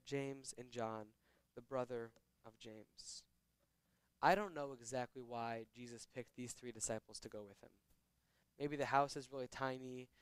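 A man reading scripture verses aloud and explaining them in a relaxed, conversational teaching style. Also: medium pitch, smooth, no echo. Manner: reads verses slowly then explains in casual, conversational asides. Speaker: Bible teacher.

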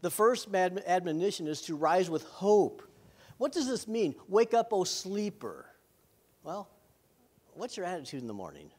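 A man's voice: high voice, big pitch swings, moderate pace, a little mellow. A middle-aged man, a pastor, preaching a sermon in an earnest way with self-deprecating humor.

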